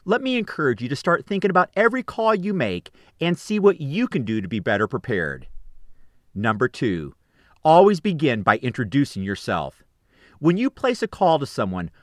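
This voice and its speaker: A man giving scripted, upbeat coaching tips on phone manners in an instructive, measured delivery. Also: fairly high pitch, wildly swooping pitch, no echo, studio quality.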